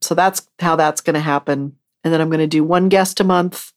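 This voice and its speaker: A woman's voice: low voice, steady tone, brisk. A woman hosting her podcast, talking on her own in a rambling, chatty and self-mocking way. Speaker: podcast host. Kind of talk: casual solo podcast monologue.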